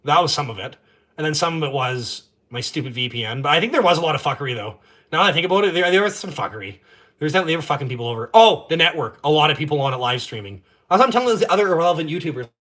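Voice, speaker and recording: A man, holding forth on his own live stream. His voice sits a little high and comes out hard-edged and forceful. He mocks, curses constantly and keeps the talk crude and loose. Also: expressive, racing. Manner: crude, swearing heavily, mocking. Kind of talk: casual profane rant on a live stream.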